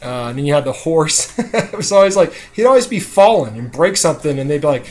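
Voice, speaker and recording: A man's voice: fairly high pitch, sing-song, brisk, a little mellow. A man chatting casually on a live stream, rambling with lots of fillers, with a dry throat. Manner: rambling, with many "uh"s and laughs. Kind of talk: casual chat.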